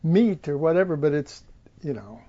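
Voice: mid-range voice, lively intonation, normal speed, warm tone, highs cut off. A preacher giving an informal Bible teaching, rambling with many fillers and restarts.

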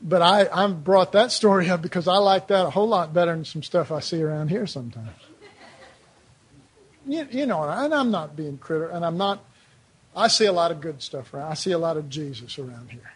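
A man's voice: fairly high pitch, lively intonation, brisk, slightly rough. A man preaching a sermon in a loose, conversational way, with lots of rhetorical questions and "you know"s.

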